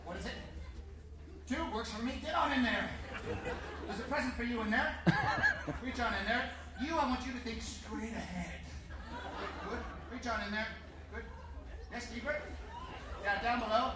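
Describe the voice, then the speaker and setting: A man's voice: extremely high pitch, normal speed, pauses often, very noisy. A man on stage ordering and teasing his audience with bossy, laughing commands. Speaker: stage comedian doing crowd work. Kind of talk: live audience interaction. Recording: echoey hall from far off, loud crowd.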